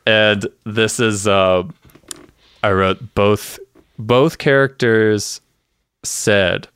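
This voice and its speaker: A man co-hosting a podcast, chatting casually and acting out TV scenes with quick voices. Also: lowish voice, clear, resonant tone, no echo, clean studio sound. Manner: animated, acts out scenes with voices. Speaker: podcast co-host. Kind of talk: casual chat recapping a TV episode.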